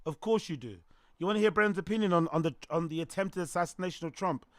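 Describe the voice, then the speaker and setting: A man talks over clips in a high, lively voice, rambling and laughing easily. He sits close to the mic in a dry, dead-sounding space. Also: quick pace, no room sound. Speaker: streamer host. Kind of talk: casual reaction commentary.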